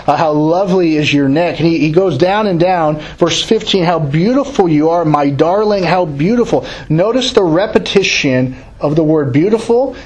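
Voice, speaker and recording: A man with a slightly husky voice leads a Bible study lesson, reading short passages aloud and then talking through them. His voice sits a little higher than most men's, and he speaks in a plain, unhurried classroom manner, with small restarts. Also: poor audio. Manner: reads verses aloud, then explains them in a halting, casual way.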